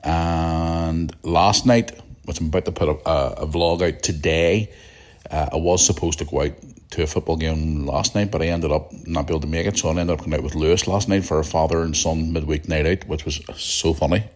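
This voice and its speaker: A middle-aged man with a Northern Irish accent and a very low, croaky morning voice talks straight into a podcast mic. He rambles along in a blunt, chatty way, as if telling listeners about his week. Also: fairly even intonation, normal speed. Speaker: podcast host. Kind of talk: casual solo podcast chat.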